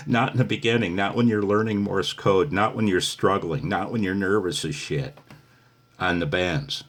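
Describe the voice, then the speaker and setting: A man's voice: low voice, measured pace, fairly bright tone. An older man giving a casual, chatty radio lesson, often calling the listener "man". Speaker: ham radio instructor.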